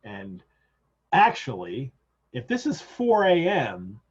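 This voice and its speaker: Man, host, casual book talk, husky voice, enthusiastic, rambling, ums, dull lo-fi video call audio. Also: mid-range voice, wildly swooping pitch, takes it slowly. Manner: enthusiastic, digressive, many fillers. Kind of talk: casual literary discussion.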